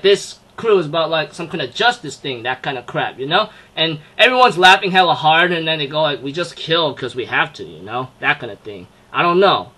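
A man's voice: on the high side, bright, forceful tone. A young man casually reviewing an anime episode, rambling with lots of fillers and frequent laughs. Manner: rambling, laughs often, fillers like "you know, that kind of thing".

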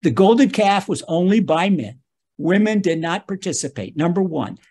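A man's voice: high voice, big pitch swings, normal speed, darkish tone, breathy edge. A man, a rabbi, giving a spoken Torah lesson, emphatic and talking straight to his listeners, often repeating his key phrases.

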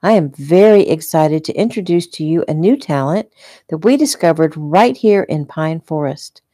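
A woman reading the part of a glamorous, confident club owner with a smooth, breezy way of talking. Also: low voice, lively intonation, moderate pace, warm tone, dry recording, clean studio sound. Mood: announcing.

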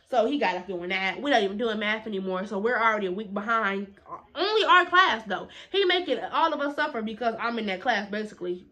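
A young woman telling a story in a casual vlog, animated and emphatic, with quick indignant retorts. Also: mid-range voice.

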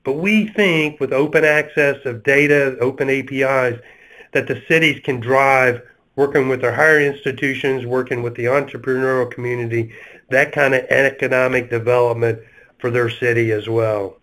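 A man with a Southern US accent talks through a webinar panel. He speaks at a middle pitch, stopping often with fillers and restarts as he gathers his points. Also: steady tone, fairly bright tone, rough recording. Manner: halting, many fillers and restarts. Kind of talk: webinar discussion.

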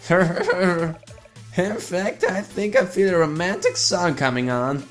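A man's voice: high-pitched, sing-song, slow, soft background music, pitched above the performer's own voice, exaggerated voice. A man voicing a folksy, doddering elderly blobfish in a game playthrough. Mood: flirty.

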